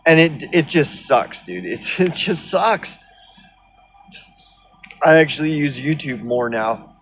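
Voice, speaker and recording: Slow-paced yet animated, a man with a fairly high voice rants on his video blog in a rambling, sardonic way, full of profanity and fillers. A slight hiss or hum runs beneath the audio.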